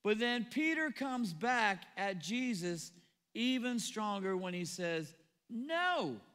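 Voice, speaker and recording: A man preaching a sermon as pastor, animated, acting out the people in the story as he goes. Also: high voice, slow, smooth, in a large hall. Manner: animated, acts out quoted voices. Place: church auditorium.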